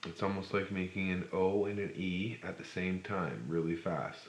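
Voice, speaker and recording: A man teaching a speech sound lesson, demonstrating the sound slowly step by step. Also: low voice, steady tone, echoey room. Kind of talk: phonics lesson.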